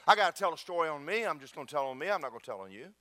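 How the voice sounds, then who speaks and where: A man's voice: a little high, very fast, no echo. A man preaching a sermon to his church, telling jokes and stories and talking straight to the congregation. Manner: animated, joking storyteller addressing the congregation. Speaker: pastor.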